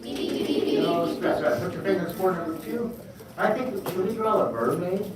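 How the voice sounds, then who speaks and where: A man teaching a live drawing lesson to schoolchildren. He encourages them warmly and calls out for responses. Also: high-pitched, normal speed. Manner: energetic, encouraging, call-and-response. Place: large school hall. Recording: very echoey hall, distant mic, noise.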